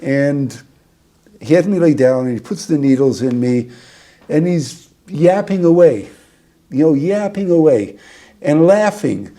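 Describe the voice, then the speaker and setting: A man's voice: on the high side, expressive, measured pace, dark tone. A man, a rabbi, giving an informal talk to a small group, rambling through a story with many restarts.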